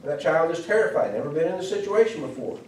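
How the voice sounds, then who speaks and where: A man's voice: a little high, lively intonation, quick pace, slight background noise. A man preaching a sermon in a church, earnest and explanatory, with fillers and restarts. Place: church hall. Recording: echoey church hall, mic from far off.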